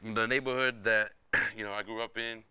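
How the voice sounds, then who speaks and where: A young man from New York, a DJ guest in a casual interview, loud and laid-back, often saying "you know what I'm saying.". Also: on the low side, steady tone, moderate pace, background noise.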